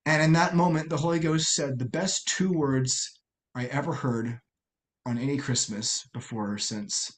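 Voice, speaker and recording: Middle-aged American man, podcast guest, earnest and halting, mid-pitched voice. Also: steady tone. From United States. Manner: earnest, halting, many restarts and fillers. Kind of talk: personal storytelling interview.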